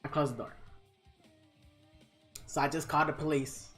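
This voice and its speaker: A man's voice: a little high, flat delivery, normal speed, fairly bright tone, faint music behind. A man live streaming a game, telling a rambling story casually and laughing often as he acts out the people in it.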